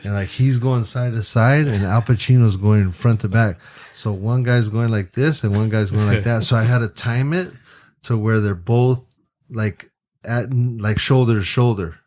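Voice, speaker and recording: A man with a lowish voice tells a story from his career in loose, casual talk. He swears often, leans on "you know" and "like," and acts out what people said. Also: moderate pace. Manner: profane, animated, acts out quoted voices; frequent fillers like "you know" and "like". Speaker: podcast guest, photographer.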